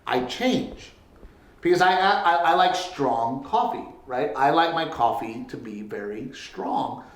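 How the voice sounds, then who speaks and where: A man's voice: mid-range voice, animated, slow, reverberant. A man co-hosting a podcast in a casual chat, telling stories with lots of laughter and swearing. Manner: laughing, swearing storyteller, quotes his wife. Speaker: podcast co-host. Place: home studio.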